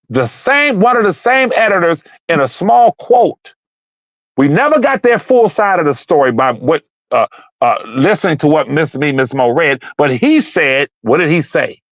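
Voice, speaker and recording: Gravelly guy on a call, voice jumps all over, heated and repeating himself, dull lo-fi sound. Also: on the high side, no echo. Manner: animated, repeats himself, raises his voice. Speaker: caller on a live talk stream. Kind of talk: heated casual debate.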